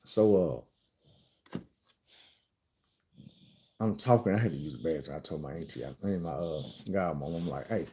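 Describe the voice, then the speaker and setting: A man with a Southern American accent telling a casual, profane storytime monologue in an animated, conversational way. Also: a bass voice, moderate pace, pauses often, a little hiss or hum. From Arkansas, USA.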